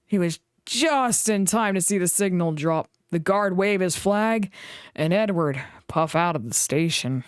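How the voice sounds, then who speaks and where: A woman reading a children's storybook aloud in an expressive way. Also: lowish voice, unhurried, clean tone, dry recording, studio quality. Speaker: reader.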